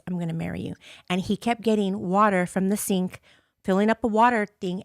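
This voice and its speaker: On a clean studio recording with no echo, a woman with a medium-pitched voice hosts a podcast. She tells a painful personal story openly and with strong emotion, swearing freely and performing quoted lines in altered voices.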